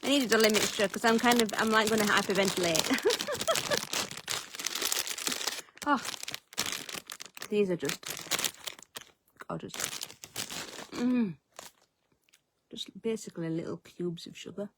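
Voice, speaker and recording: A woman's voice: medium pitch, unhurried, pauses often, very noisy. A woman telling a story as a vlogger in casual chat, self-mocking and swearing freely. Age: adult, eldest of three siblings.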